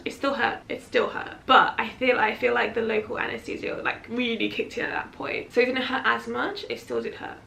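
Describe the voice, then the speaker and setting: A woman tells her story to camera in a candid, dramatic, laughing way. Her voice sits a little high and has a gravelly, fry-edged texture. A faint background noise runs under the recording. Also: fairly bright tone. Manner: chatty, frank and dramatic, laughing often. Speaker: vlogger.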